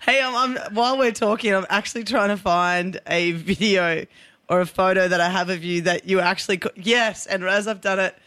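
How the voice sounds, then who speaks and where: Bright-voiced Australian woman co-host. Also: medium pitch, steady tone, moderate pace, no echo, studio quality. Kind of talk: casual banter.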